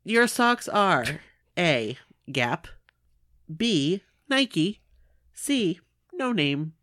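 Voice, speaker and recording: Lively, low-ish woman, casual teasing chat, dry sound. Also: extremely slow, dry recording. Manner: animated, teasing, laughs often.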